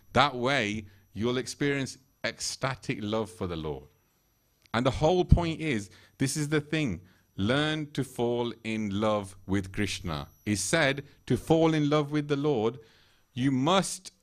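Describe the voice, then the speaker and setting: A man's voice: mid-range voice, expressive, unhurried. A man giving a temple sermon in a conversational way, laughing often and acting out quoted voices. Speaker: temple speaker. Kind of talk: sermon retelling scripture stories. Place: temple hall.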